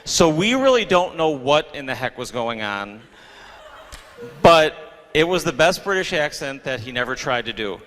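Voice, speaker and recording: A man's voice: a little high, very animated, normal speed, fairly bright tone. A man, a theater director, giving a casual award speech, joking and hesitant with many ums, recorded in a school auditorium. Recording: long reverb of a large hall.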